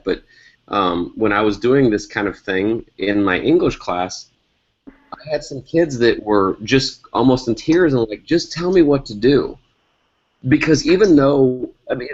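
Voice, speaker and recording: A man's voice: mid-range voice, husky. A man, a guest author, talking earnestly in a casual video call discussion, telling a story with stammered restarts. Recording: dull lo-fi video call audio.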